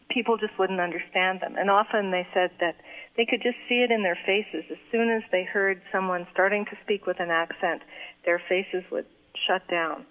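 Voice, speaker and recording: A woman professor calmly explaining in a measured way why second-language learners keep accents. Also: mid-range voice. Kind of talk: explanatory interview talk. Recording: phone-like narrow band.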